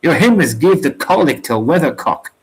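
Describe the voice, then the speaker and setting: A man reading aloud, voicing a proud, cocky sailor who scorns his rival in rough sailor's slang. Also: on the high side, very animated, a little fast, heavily acted, poor audio. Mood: scornful boasting. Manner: rough sailor's slang, mocking put-downs. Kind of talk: storybook reading.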